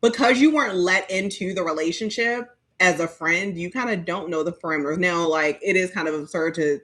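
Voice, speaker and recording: A woman co-hosting a fan podcast live stream, gushing and animated in casual chat. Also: on the low side. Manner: animated, gushing, quick to laugh. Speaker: podcast co-host.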